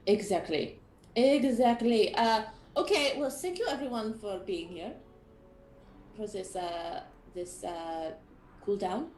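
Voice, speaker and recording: A woman hosting a casual chat, playful and drawn-out as she talks. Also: medium pitch, expressive, darkish tone, faint music behind. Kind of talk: casual video-call chat. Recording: echoey room.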